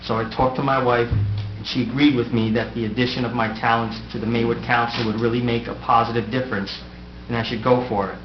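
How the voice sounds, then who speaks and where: Over music, a man with a mid-range voice talks flatly and fairly fast, hardly pausing. He is a middle-aged mayor leaving office, giving a prepared farewell from the council dais with self-deprecating, wry humor. The sound is a noisy, echoey, dull room recording.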